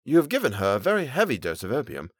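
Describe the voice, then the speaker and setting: A man voicing a cool-headed Victorian surgeon who speaks in a calm, clinical, measured way. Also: mid-range voice, dry recording, studio quality.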